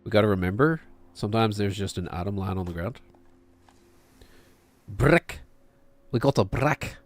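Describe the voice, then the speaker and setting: A man's voice: lowish voice, animated, normal speed, faint music behind. Man thinking aloud over a game. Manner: thinking aloud, talking to himself and chat. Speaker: game streamer. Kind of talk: casual gameplay commentary.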